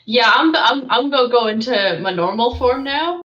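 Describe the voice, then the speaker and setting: A woman playing a tabletop role-playing game talks playfully in character and swears a lot. Her voice is high-leaning, animated and fairly bright at a moderate pace, with slight background noise in echoey, dull lo-fi room audio.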